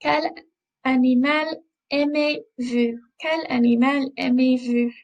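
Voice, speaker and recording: A woman teaching a school French class, speaking slowly and patiently and repeating each word twice. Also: sits high, gravelly, rough recording. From England. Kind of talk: classroom lesson explaining French grammar.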